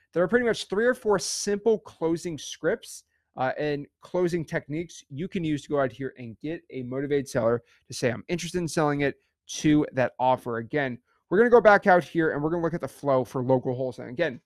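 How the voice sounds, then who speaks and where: An emphatic man running an online real estate lesson, repeating himself and checking in with his listeners. His voice sits a bit high. The sound is dry and close to the mic. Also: fairly quick, a little mellow, no room sound. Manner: emphatic, repetitive, keeps saying "okay" and "again". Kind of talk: online teaching session.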